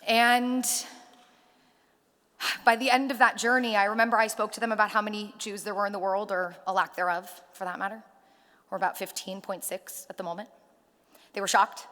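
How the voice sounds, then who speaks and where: A woman giving a rally speech, telling stories and acting out the dialogue with lively energy. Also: mid-range voice. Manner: animated storyteller acting out dialogue. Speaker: rally speaker. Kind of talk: public speech with storytelling. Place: synagogue hall at a rally. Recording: reverberant hall.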